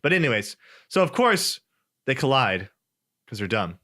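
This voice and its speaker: Bright-voiced man telling a story. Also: mid-range voice, moderate pace. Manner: animated storytelling, acts out quoted voices. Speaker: podcast co-host. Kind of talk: casual chat.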